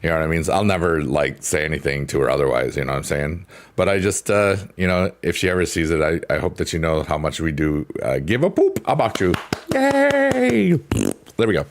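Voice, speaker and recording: Soft piano plays behind a man with a rumbling low voice who talks quickly on a live stream. He chats casually and playfully with his viewers, rambling and laughing often.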